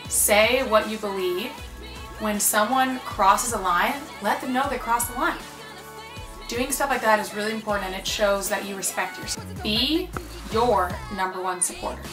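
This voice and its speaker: A woman's voice: mid-range voice, moderate pace. A young woman talking casually and earnestly, giving encouraging self-help advice. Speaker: advice speaker. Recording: echoey room with faint music.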